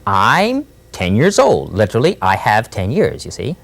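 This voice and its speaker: A man teaching a Spanish lesson, repeating phrases slowly and prompting with little "Hmm?" checks. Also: fairly low pitch, huge pitch swings, gravelly, a bit bright. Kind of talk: classroom language lesson.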